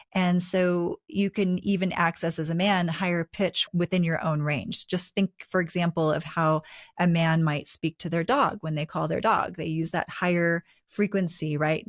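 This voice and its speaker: A woman co-hosting a relationship advice talk, explaining ideas in a measured, teacherly way. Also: on the low side, no room sound, clean studio sound. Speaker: podcast co-host.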